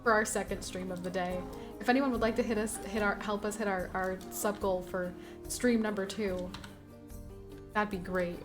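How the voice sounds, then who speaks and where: Woman streamer, casual live commentary, mid-range pitch, half-pleading and half-scolding at her game, game music audible under the voice. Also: fairly even intonation, normal speed. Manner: chatty, scolds and pleads with the game animals, laughs at herself.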